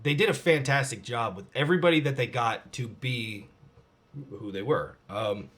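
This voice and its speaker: A man in his forties talks straight into his vlog, answering viewer questions. His delivery is loose and rambling, full of fillers and casual swearing, and his pitch sits mid-range for a man. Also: expressive, normal speed, a bit bright, slightly rough. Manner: rambling, profane and candid, with frequent fillers.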